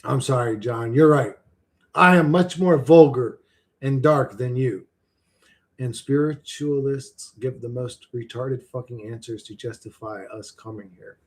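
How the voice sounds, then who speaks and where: A man's voice: mid-range voice, measured pace. A man ranting on a livestream in a casual, rambling, sardonic way, swearing freely.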